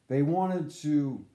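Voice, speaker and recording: A man with a slightly high, warm voice tells a long, rambling story in a casual way, swearing and breaking off mid-sentence. The recording has a roomy echo.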